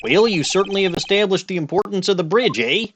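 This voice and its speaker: A man's voice: high voice, expressive, fast talker, fairly bright tone, a little hiss or hum, voice pushed up. A man doing an impatient Canadian judge. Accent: put-on Canadian. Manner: impatient, ends lines with eh. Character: bossy Canadian male judge.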